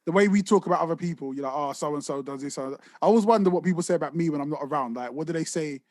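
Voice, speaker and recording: A man's voice: on the high side, very fast, darkish tone, no echo, clean studio sound. A young man, chatting casually and rambling as a podcast co-host. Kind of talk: casual chat.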